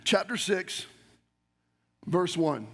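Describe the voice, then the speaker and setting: A male pastor preaches with a strikingly high voice that pushes hard and fast. He keeps turning to the congregation with direct questions. His words ring out with a long reverb through a large church sanctuary. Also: animated, pushed and bright. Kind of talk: sermon.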